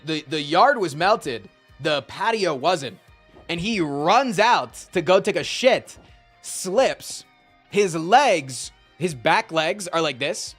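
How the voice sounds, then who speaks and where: A man livestreaming in casual chat, telling stories with lots of swearing and reading out chat messages. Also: on the high side. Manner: animated storytelling with frequent swearing; reads and answers chat messages.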